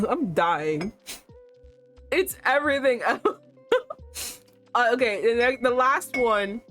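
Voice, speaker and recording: A woman's voice: on the high side, slow, faint music behind. Laughing woman reacting to a game. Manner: animated, laughing, reacting aloud. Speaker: streamer playing a dating game. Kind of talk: live game commentary and reading aloud.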